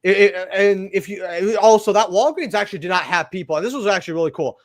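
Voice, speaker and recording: A young man hosting a trading-card opening video tells a rambling workplace story in casual chat, full of asides and "right?" tags. His voice is high and quick, recorded at studio quality with no echo.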